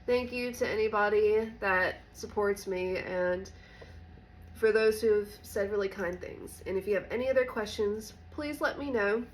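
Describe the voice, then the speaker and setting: A woman vlogger telling a personal story in a candid, halting, soft-spoken way. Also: mid-range voice, a little hiss or hum, poor audio. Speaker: recovery vlogger.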